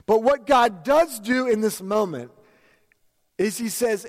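A man's voice: very high-pitched, expressive, slow pace. A man preaching a sermon in a church, telling a story with amused, chatty energy. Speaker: pastor. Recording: long hall reverb.

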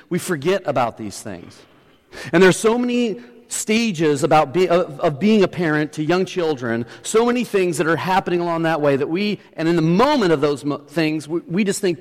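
Preaching a sermon, this middle-aged male pastor tells a story full of restarts that climbs to emphatic points. He's animated, fairly high-pitched and moderately paced, and the recording carries a long hall reverb.

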